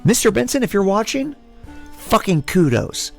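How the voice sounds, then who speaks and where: A man hosts a casual podcast, recapping news with profane, animated commentary. His voice has a gravelly rasp and swings widely in pitch, sitting a bit higher than most men's. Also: moderate pace, soft background music. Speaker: podcast host. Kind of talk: casual chat.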